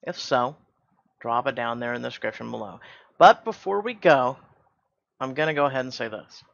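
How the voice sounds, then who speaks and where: A man's voice: medium pitch, normal speed, gravelly, fairly bright tone. A man hosts his channel in a defensive rant, heated and insistent. He doubles back over his words as he pushes his point. The recording is dull and lo-fi, like a home setup. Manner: heated, repeats himself, stumbles. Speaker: YouTube channel host.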